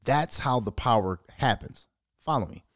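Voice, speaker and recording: A man's voice: mid-range voice, moderate pace, no room sound, clean studio sound. A man in his thirties hosting his own show, telling profane stories in a casual monologue. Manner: profane, animated storytelling. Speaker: show host.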